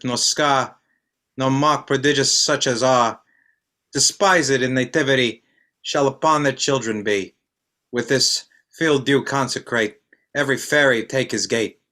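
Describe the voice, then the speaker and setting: A man gives voice to a stately ruler speaking rhymed verse. His voice is bright and sits at a middle pitch. He stumbles and repeats words at times. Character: Theseus, a stately duke, and Oberon, a fairy king. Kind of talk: amateur online play reading.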